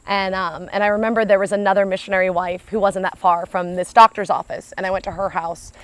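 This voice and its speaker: An American woman from the United States, a speaker telling a personal story in an animated, chatty way, often saying "like". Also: medium pitch, fast talker, no room sound.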